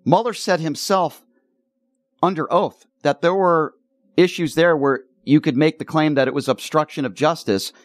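A man's voice: a little high, moderate pace, no room sound, clean studio sound. Emphatic male talk radio host. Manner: emphatic, argumentative, punchy.

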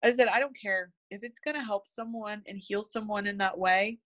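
A woman's voice: mid-range voice, moderate pace, a bit bright, dry recording, dull audio. A woman guest telling a personal story in conversation, earnest and emotional, hesitant with many fillers and restarts. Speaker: interview guest, spiritual medium.

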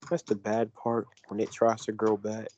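A man's voice: lowish voice, monotone, normal speed, darkish tone, highs cut off. A young man co-hosting a casual podcast chat, joking around in slang and losing his train of thought. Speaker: podcast co-host.

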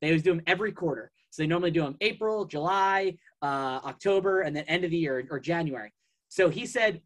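A man's voice: fairly high pitch, a little fast, a bit bright. A man as a podcast guest in casual chat, telling a long story in a rambling way, full of fillers and restarts.

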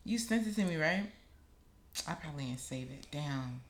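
A young woman co-hosting a casual podcast chat, telling animated, profane stories about her weekend. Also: sits low, normal speed. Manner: animated storytelling, swears freely. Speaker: podcast co-host.

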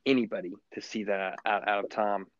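A man co-hosting a sports podcast in casual chat, rambling with lots of halting restarts. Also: fairly low pitch, fairly even intonation, no room sound. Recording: dull, muffled lo-fi sound.

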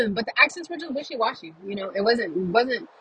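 A woman vlogging a casual, chatty film review from her car while driving, animated and full of quoted reactions. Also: on the high side, moderate pace, breathy edge, poor audio.

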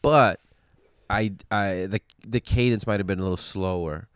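Low, smooth-voiced male comic, casual podcast talk, halting restarts, dry close sound. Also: no room sound. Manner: rambling, frequent restarts and cursing. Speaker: stand-up comedian.

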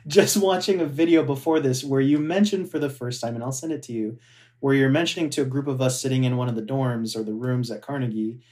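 A man's voice: mid-range voice, steady tone, brisk, a little mellow. A man, a former theme park cast member, telling stories in casual chat with enthusiasm and frequent laughter. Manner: enthusiastic storyteller, laughs often.

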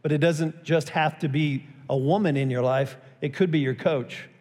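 A man's voice: a little high, fairly even intonation, moderate pace, darkish tone, long reverb tail. A man preaching a sermon as pastor, telling a story and acting out its quotes with a raised voice.

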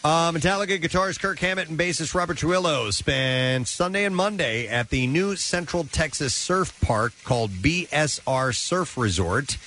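A man hosting a radio show, reading entertainment news briskly with filler "uh"s and casual asides, in a radio studio. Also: on the high side, animated, pushed and bright, a little hiss or hum. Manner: brisk newsreader delivery with filler "uh"s.

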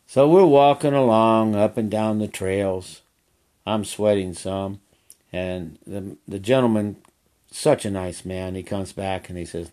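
A man's voice: lowish voice, steady tone, a little slow, mellow. An older man who works as a horseback trail guide, telling a story in a folksy, rambling way and repeating phrases. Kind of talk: casual storytelling.

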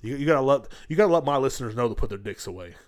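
Talking very fast and with lots of energy, a middle-aged man on his comedy podcast goes on a profane, rambling rant, mocking people's voices mid-tirade. His pitch is medium.

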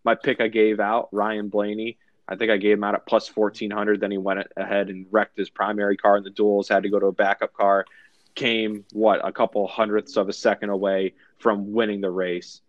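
A man with a lowish voice recaps his sports bets on a podcast, chatty and self-mocking about his luck. The sound is dull and dry. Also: level tone, normal speed, no room sound. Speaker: sports betting podcast co-host. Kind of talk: casual podcast chat.

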